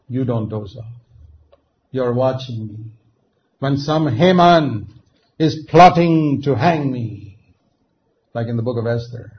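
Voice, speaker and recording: Gravelly-voiced man preaching a sermon. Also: mid-range voice. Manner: emphatic, swings from quiet asides to loud stressed words. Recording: dull lo-fi recording with faint noise.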